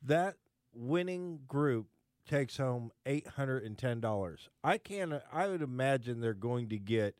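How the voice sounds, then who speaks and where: A man co-hosting a talk show, joking in lively casual banter. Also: mid-range voice, a little slow, clear, resonant tone, dry recording, studio quality. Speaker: co-host. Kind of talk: casual chat.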